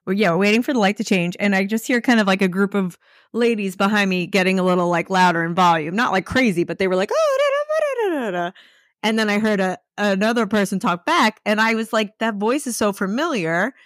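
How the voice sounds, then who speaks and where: A woman's voice: medium pitch, fairly even intonation, fast talker, dry recording. Woman podcast co-host, chatty and rambling, dry close sound. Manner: chatty, lots of "like" fillers. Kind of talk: casual chat.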